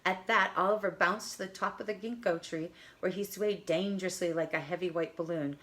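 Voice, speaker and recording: Expressive woman reading a storybook. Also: fairly low pitch, a little fast. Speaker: storybook reader. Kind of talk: reading a picture book aloud.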